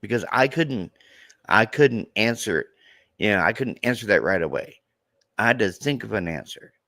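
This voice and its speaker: A man in his thirties talking in a halting, emotional way in a podcast conversation, near tears and repeating himself. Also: on the low side, expressive, bright, forceful tone, no room sound, clean studio sound. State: tearful. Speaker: true crime content creator.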